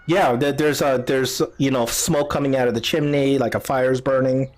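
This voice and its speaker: A man's voice: medium pitch, fairly even intonation, normal speed. A man narrating as game master of a tabletop game, casual and loose, with lots of fillers and restarts.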